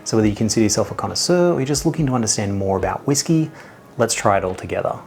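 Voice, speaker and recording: A man's voice: fairly low pitch, lively intonation, rapid-fire, vocal fry, a little mellow. An Australian man hosting his own whisky review channel, talking in a chatty, self-mocking way with jokey asides. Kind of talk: casual video review talk.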